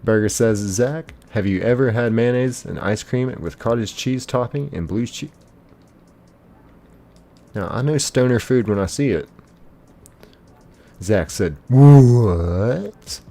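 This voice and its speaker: A man's voice: medium pitch, normal speed. A young man hosting a live game stream, chatting casually and reading out viewer comments. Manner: laid-back, chatty, greets viewers warmly by name. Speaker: livestream host.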